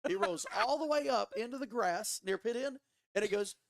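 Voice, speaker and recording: A man guest on a podcast telling a story in a casual, animated way, swearing often and restarting his sentences. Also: very high voice, moderate pace, gravelly. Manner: animated, profane, frequent restarts. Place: studio.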